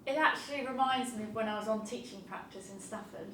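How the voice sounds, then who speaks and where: A woman from southern England, a teacher attending the session, tells an animated anecdote about her teaching, voicing her own inner thoughts as she goes. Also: fairly high pitch, fast, a little hiss or hum. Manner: lively, animated storytelling with quoted inner thoughts. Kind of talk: anecdote in group discussion. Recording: echoey room from a distance, faint ambience.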